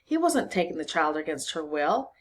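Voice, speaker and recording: A woman reads a children's novel aloud to a class, narrating in a lowish voice. She reads expressively and sounds like a teacher talking to her students. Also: moderate pace. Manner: expressive reading, voices for each character. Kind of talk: storybook read-aloud to a class.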